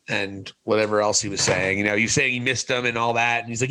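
A man co-hosting a wrestling review podcast, talking casually and opinionatedly. His voice is bright and forward, with a very lively, swinging pitch. He breaks into laughs and quick exasperated asides. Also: low-quality recording. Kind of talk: casual chat.

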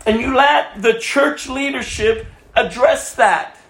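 A male pastor with a high voice delivers an impassioned sermon. He swings from loud, emphatic lines down to quiet, hushed asides. The sound carries a roomy echo. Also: slow.

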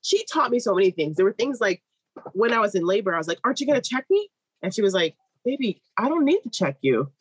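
A woman in her thirties, a midwife, telling a long personal story in an interview with lively, animated delivery and quoted voices. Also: mid-range voice, quick pace, slightly rough, poor audio.

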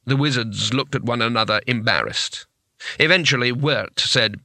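A man's voice: mid-range voice, moderate pace, gravelly, pushed and bright, no room sound. A man narrating a comic fantasy audiobook in a wry, dry storytelling manner.

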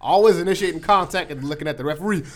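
A young man on a sports podcast, excitable and loud, often shouting and laughing mid-sentence. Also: fairly high pitch, racing. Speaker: podcast co-host, Buccaneers fan. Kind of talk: loud casual sports banter.

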